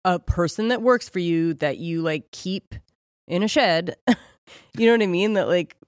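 A podcast co-host in casual crude chat, sarcastic and quick to laugh, saying "like" and "dude" a lot, on a dry close mic. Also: mid-range voice, no room sound.

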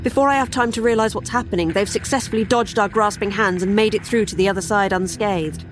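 A woman's voice: mid-range voice, fast talker, slight background noise. A woman narrating a first-person horror story in a wry, sardonic way.

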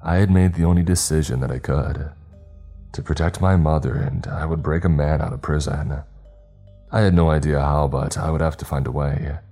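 Deep dark-voiced guy reading a scary story, slow and grave, faint music. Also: fairly even intonation. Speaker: horror story narrator. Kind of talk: scripted horror narration. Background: faint background music.

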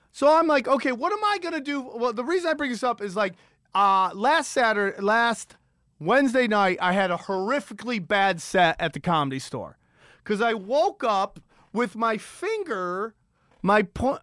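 A middle-aged man rants through a comic story on his podcast. His voice keeps leaping up in disbelief and dropping low, with plenty of swearing. The sound is close and dry, with no room around it. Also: no room sound. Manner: animated, swearing, incredulous, jumps between high and low pitch. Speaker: podcast host. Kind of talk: comedic storytelling rant.

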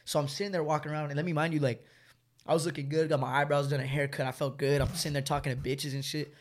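A man's voice: fairly high pitch, flat delivery, rapid-fire. A young man, telling a long story in slangy, rambling casual chat and laughing often. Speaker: storyteller guest.

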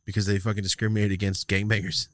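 A podcast host, a man who talks fast in casual chat. He teases his guest in a brash, profane way. His voice sounds dry and close, with no room echo. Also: lowish voice, level tone, fairly bright tone.

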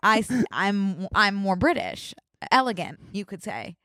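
A woman's voice: medium pitch, sing-song, normal speed, pushed and bright, dry recording, studio quality. A woman with a Northeast US accent, co-hosting a casual podcast and chatting in a teasing way. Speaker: podcast co-host. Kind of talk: casual chat.

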